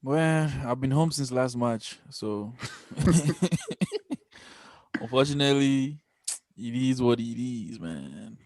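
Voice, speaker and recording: A man's voice: mid-range voice, slow, long pauses, a little mellow, no room sound. Easygoing cameroonian guy on a podcast, medium voice, dry close mic. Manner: laid-back, laughs easily. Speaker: podcast co-host. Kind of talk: casual podcast chat.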